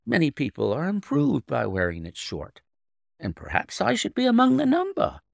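A man reading an audiobook, voicing a young governess who tells her story in a proud, firm, measured way. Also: a little high, huge pitch swings, gravelly, dry recording, studio quality, pitched above the performer's own voice, heavily acted. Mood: earnest.

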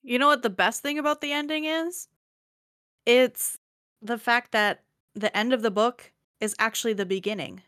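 A woman's voice: fairly high pitch, normal speed, a bit bright, clear, resonant tone, no echo, clean studio sound. A woman co-hosting a book podcast, chatting animatedly with laughs and casual swearing. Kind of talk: casual book-club chat.

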